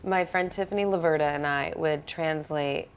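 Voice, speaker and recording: A woman guest on a comedy talk show, chatting casually with quick quips and frequent laughter. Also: deep voice, a little hiss or hum. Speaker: guest, actor and director. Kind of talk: casual chat.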